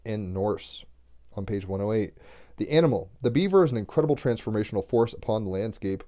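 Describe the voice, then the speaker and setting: In a mellow voice on the low side, a man gives his casual daily oracle card reading. He alternates between reading a text aloud and dropping in chatty remarks about astrology.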